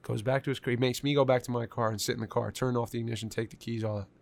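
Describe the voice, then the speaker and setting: A man telling a story in casual conversation, animated and profane, with lots of filler words. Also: medium pitch, very fast, creaky, no room sound.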